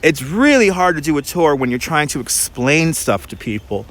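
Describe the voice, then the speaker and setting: Phone in hand, a Brooklyn man who guides tours and hosts livestreams walks through a park, chatting casually and quickly with viewers and restarting often. His voice sits a little high, sounds a bit bright, and is very animated.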